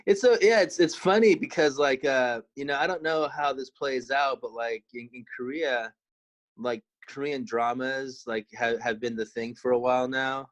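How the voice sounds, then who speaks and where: A man in his thirties in casual podcast chat, relaxed and rambling with many fillers. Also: mid-range voice, normal speed, rough recording. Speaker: podcast co-host.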